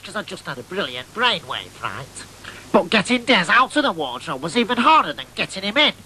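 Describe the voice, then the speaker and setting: Comic figure: high, gravelly, piercing nasal lad, eager storyteller. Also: male voice, bright, forceful tone, slight background noise, exaggerated voice, poor audio. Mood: fibbing. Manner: nasal, chatty, keeps asking "right?". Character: excitable boyish man telling tall tales.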